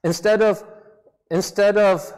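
A man's voice: sits high, steady tone, slow pace, a little mellow, smooth. A man preaching a sermon in a conversational, self-deprecating way, with a slight non-native English accent. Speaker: pastor. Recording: long reverb of a church hall.

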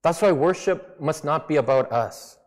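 Expressive and on the high side, a pastor speaks at normal speed, preaching conversationally and joking at his own expense. He has a slight non-native accent in English, and the recording carries the long reverb of a church hall.

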